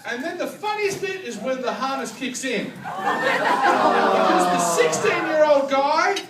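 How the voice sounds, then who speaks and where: A man performing a stand-up comedy set, telling stories with animated delivery and yelled punchlines. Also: extremely high pitch, slow pace, over a noisy crowd, heavy background noise. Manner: animated storytelling, yelling punchlines. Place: live comedy venue with audience. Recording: roomy live club recording from far off.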